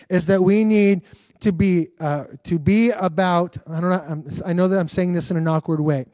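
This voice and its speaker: Male pastor preaching earnestly, keeps repeating himself, pretty high voice. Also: warm tone, dry recording. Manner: earnest, repetitive, restarts often. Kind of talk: livestreamed sermon.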